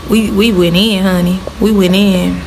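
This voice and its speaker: A woman's voice: mid-range voice, fairly even intonation, a little slow, darkish tone, slight background noise, rough recording. A young woman vlogging to camera, a former teacher telling her story in a heartfelt, chatty way. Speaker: vlogger, former middle school art teacher. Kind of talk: casual talk to camera.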